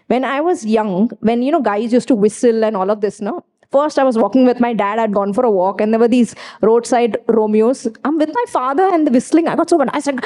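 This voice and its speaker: A woman's voice: fairly high pitch, dark tone. A woman preaching a sermon, emphatic and repeating key phrases, weaving in personal stories.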